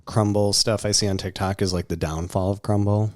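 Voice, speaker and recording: A man co-hosting a podcast in casual chat, animated and quick to react and laugh. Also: lowish voice, dry recording, studio quality. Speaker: podcast co-host.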